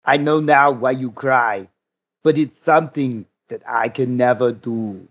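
A man voicing a stern male cyborg, putting on a flat, heavily accented delivery as an impression. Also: mid-range voice, unhurried, muffled recording. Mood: solemn. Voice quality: flat, heavy accent put on.

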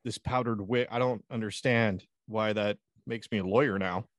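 A man's voice: fairly low pitch, steady tone, moderate pace, no echo, studio quality. An American man co-hosting a casual podcast chat, crude and laughing often. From United States. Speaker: podcast co-host.

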